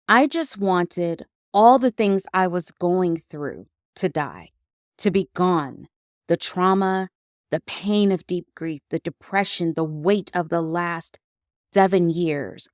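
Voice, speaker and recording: A woman hosting her own podcast, telling a deeply personal story in a reflective, confessional way with emotional emphasis. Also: dry recording, studio quality. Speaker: podcast host.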